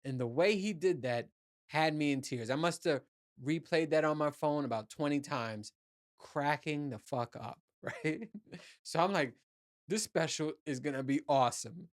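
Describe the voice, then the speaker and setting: A man's voice: a little high, unhurried. A man hosting his own podcast, ranting casually and rambling, swearing freely and restarting his sentences often. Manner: profane, rambling, with many restarts and "you know"s. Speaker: podcast host. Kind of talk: casual solo podcast rant.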